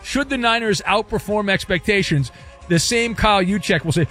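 A man hosting sports talk radio, giving quick wry opinions and reading listener answers. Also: sits high, a bit bright, soft background music. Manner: wry, sarcastic quips.

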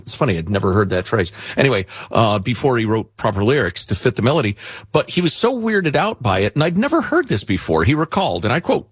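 Male talk radio host, husky and animated, dry studio mic, chatty and rambling. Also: fairly low pitch, no room sound. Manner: rambling, chatty, many fillers and restarts. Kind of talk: casual talk radio chat.

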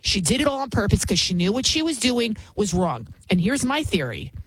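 A woman's voice: mid-range voice, big pitch swings, a little fast, breathy edge, dry recording, low-quality recording. A woman hosting a talk show, giving indignant, emphatic commentary and repeating words for stress. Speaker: show host.

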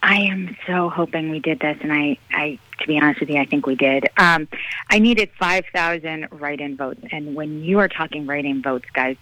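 A woman political candidate speaking as a radio interview guest, energetic, earnest and rallying. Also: low voice, normal speed, no room sound, highs cut off.

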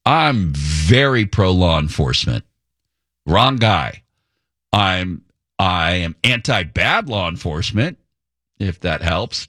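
A man's voice: deep voice, fairly bright tone, dry recording, clean studio sound. A man hosting a morning radio talk show, chatting casually with wry, rambling asides and chuckles. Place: radio studio. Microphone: studio microphone.

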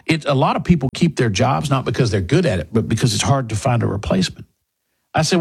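A talk radio host with a husky, medium-pitched voice delivers an indignant monologue packed with mocking rhetorical questions. He talks fast and expressively.

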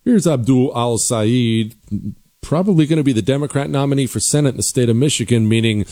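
A man hosting a political commentary show, talking forcefully and sarcastically with emphatic repetition. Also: mid-range voice, a little fast.

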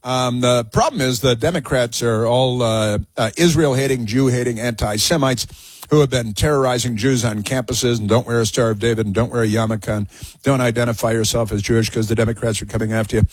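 A man's voice: medium pitch, fairly even intonation, fairly quick, slightly rough, no room sound. A man hosting a talk radio show, delivering sarcastic, mocking commentary that rambles with frequent fillers.

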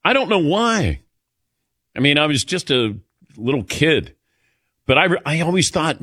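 A man's voice: mid-range voice, very animated, moderate pace, a bit bright, dry recording, studio quality. A man hosting a sports talk radio show, chatting casually in a jokey, self-deprecating way and reading ads. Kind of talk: casual radio chat and live ad reads. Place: radio studio.

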